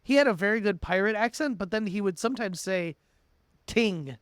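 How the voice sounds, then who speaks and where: Male podcast co-host, high voice, dry close mic, eager chatter. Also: fast talker, clear, resonant tone, no echo. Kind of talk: casual chat.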